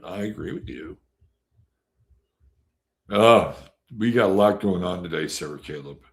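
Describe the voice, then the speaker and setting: A man's voice: lowish voice, creaky. A man hosting a casual live astrology stream, reading out viewers' names and chatting in a rambling way full of fillers. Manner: rambling and chatty, with many fillers and sudden jumps in loudness. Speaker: astrology show host.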